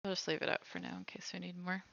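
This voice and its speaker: A woman's voice: fairly low pitch, flat delivery, fast talker, vocal fry, a bit bright, muffled recording, a little hiss or hum. A woman streaming while she bakes, chatting casually and thinking aloud as she cooks. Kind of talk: casual livestream chat while baking.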